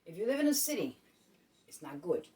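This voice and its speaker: A woman's voice: fairly low pitch, big pitch swings, fairly quick, mellow. A woman from Puerto Rico giving casual advice on her vlog at home. She repeats herself and keeps checking in with "okay?". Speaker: vlogger. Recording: voice a bit distant from the mic.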